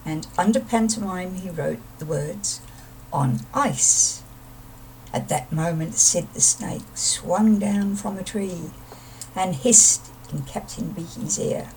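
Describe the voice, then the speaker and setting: A woman reading a rhyming children's story aloud in a lilting, expressive way. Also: mid-range voice, distant mic, slight background noise, poor audio.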